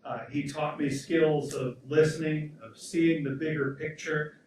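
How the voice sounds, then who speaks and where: A man, a professor, speaking at a memorial event, telling a fond anecdote with halting restarts. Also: a little high, steady tone, a little mellow, a little hiss or hum. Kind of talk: spoken remembrance at a memorial event. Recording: echoey hall from far off.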